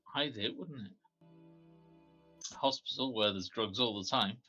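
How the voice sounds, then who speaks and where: A man playing a tabletop game, reacting briefly and thinking his guesses out loud. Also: medium pitch, a little slow, slightly rough, dull audio. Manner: short reactions and spoken guesses. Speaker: player. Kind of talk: casual game chat. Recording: faint music behind.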